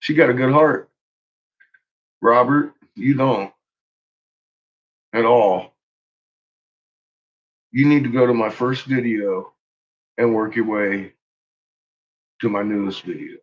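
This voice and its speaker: A man's voice: mid-range voice, slow, pauses often. A man ranting on a live stream in casual, profane talk, laughing often and calling out to his viewers by name. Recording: muffled lo-fi recording.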